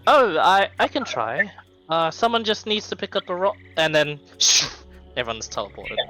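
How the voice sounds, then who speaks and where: Bright-voiced man running a tabletop game. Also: a little high, very animated, normal speed, faint music behind, poor audio. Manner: rambling narration full of ums and restarts. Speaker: game master.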